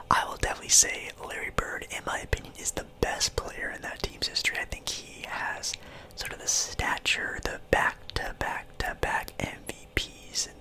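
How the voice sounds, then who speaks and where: A man's voice: pushed and bright, poor audio. A young man whispering a casual ASMR sports ramble as host, chewing gum as he talks.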